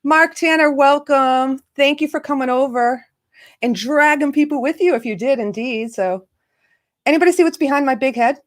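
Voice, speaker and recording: Hosting a casual live chat, this chatty woman greets viewers by name and laughs often. She has a high voice and keeps a moderate pace.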